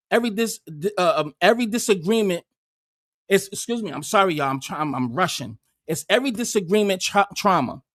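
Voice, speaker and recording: High-voiced profane livestream commentator. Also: male voice, a bit bright, no room sound, studio quality. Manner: heated, profane, rambling with restarts.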